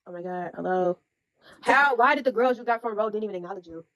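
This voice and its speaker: Fast-talking woman telling a blunt story. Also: mid-range voice, dry recording. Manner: blunt, profane, animated storytelling. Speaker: storyteller host. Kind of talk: casual storytime chat.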